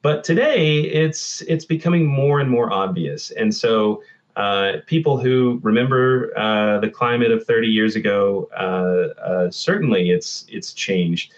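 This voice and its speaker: Low-voiced man scientist, muffled audio. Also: measured pace. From Texas. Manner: explanatory, with many fillers and restarts. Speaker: climate scientist guest. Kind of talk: interview answers.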